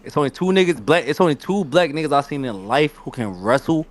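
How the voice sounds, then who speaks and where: A man's voice: fairly high pitch, lively intonation, fairly quick. A man co-hosting a casual wrestling podcast, arguing heatedly and interrupting with profanity. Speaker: podcast co-host.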